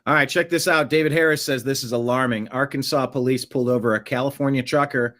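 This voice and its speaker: A man's voice: mid-range voice, steady tone, quick pace, a bit bright. A man hosting an online show, introducing clips in a casual, wry way. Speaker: host.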